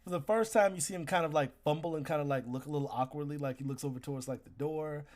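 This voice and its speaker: A man's voice: fairly high pitch, fast talker, darkish tone. A man narrating a tabletop game as game master, in loose, filler-heavy descriptions.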